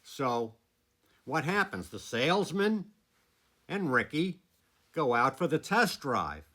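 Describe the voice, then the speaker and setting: A man telling a story about a former student in a casual, animated way, chuckling between lines. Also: fairly high pitch, slow pace.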